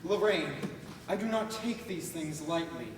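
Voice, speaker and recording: Casting: a teen boy doing a grandiloquent, bossy celebrity, lively high voice, booming hall from afar. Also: a little slow, natural voice. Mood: flattering. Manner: grandiloquent, theatrical exclamations. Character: pompous, witty male celebrity critic, bossy. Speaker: student stage actor. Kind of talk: high school stage play. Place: school auditorium stage. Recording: very echoey hall from far off, noisy.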